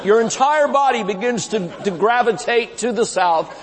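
A man in his fifties preaching a humorous, lively sermon at a live conference, laughing as he talks and shouting some lines. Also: high-pitched, moderate pace, a loud crowd, heavy background noise. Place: large church sanctuary. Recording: live sermon with long hall reverb.

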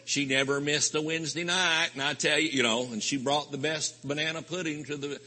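A man preaching a rambling, folksy sermon with sudden loud outbursts at a live convention. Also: a little high, steady tone, a little fast. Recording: live hall recording with long reverb.

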